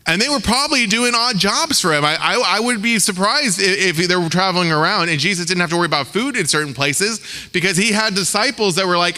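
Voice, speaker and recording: A man with a slightly high, bright and forceful voice preaches a sermon in a conversational, slangy way. He acts out the voices of the people he quotes. The sound carries a long reverb from a church sanctuary. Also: lively intonation, moderate pace. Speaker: pastor.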